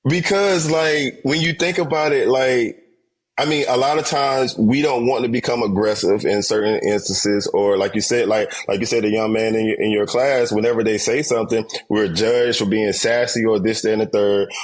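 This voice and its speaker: A man's voice: lowish voice, fairly even intonation, moderate pace. A man speaking as a therapist guest on a podcast, earnest and reflective, with casual slang. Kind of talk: podcast conversation.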